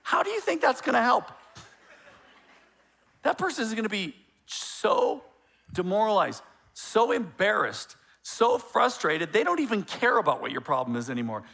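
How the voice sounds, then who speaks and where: A male pastor preaching a sermon in a conversational, joking way, with quick asides and frequent restarts. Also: high voice, very animated, creaky, pushed and bright.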